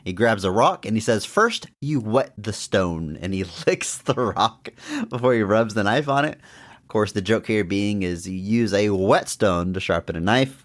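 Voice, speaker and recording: Young guy on a movie podcast, lowish voice, laughs a lot, gets excited and jumps up in pitch. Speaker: podcast co-host. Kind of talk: casual movie review chat.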